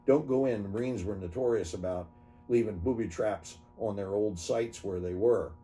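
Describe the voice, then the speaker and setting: A man in his seventies, an army veteran, recounting his memories in an oral history interview, halting and correcting himself as he goes. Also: on the low side, dark tone. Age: 70s. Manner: halting, self-correcting storytelling.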